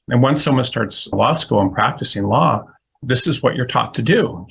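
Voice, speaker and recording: Gravelly-voiced man rambling through stories. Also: on the low side, a bit bright, poor audio. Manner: rambling storytelling with frequent restarts. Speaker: legal recruiter giving a webinar. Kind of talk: casual webinar talk.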